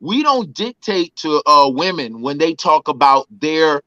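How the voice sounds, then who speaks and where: A man with a high, bright and forceful voice, joking animatedly on a podcast as he slips into mocking imitations of other people's voices. The recording is dry and close, with no room sound. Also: big pitch swings, unhurried, dry recording, rough recording. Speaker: podcast co-host. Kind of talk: casual comedic group chat.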